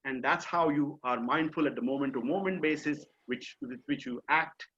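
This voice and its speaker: A man's voice: a little high, normal speed, a bit bright, slightly rough. A middle-aged man with an Indian accent, teaching an online mindfulness session in a conversational, explanatory way with frequent fillers. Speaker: mindfulness coach. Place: home or office on a video call. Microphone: video call. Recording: dull lo-fi video call audio.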